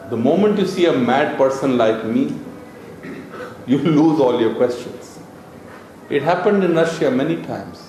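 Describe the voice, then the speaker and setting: A man giving a casual, playful spiritual talk, laughing and clearing his throat often. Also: mid-range voice, lively intonation, takes it slowly, pauses often, mellow, a little hiss or hum. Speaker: spiritual teacher. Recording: very echoey room with music behind. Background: music.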